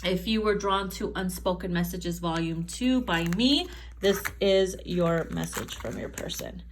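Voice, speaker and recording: A woman's voice: lowish voice, lively intonation, unhurried, slight background noise. A woman giving a casual tarot reading to camera, chatty and profane, often laughing and acting out quotes. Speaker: tarot reader.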